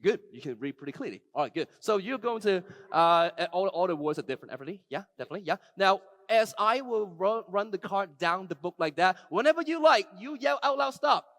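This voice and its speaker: A man giving a live keynote talk, running a magic trick with a volunteer before an audience, shifting from soft, slow passages to loud, excited calls. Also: high voice, no echo.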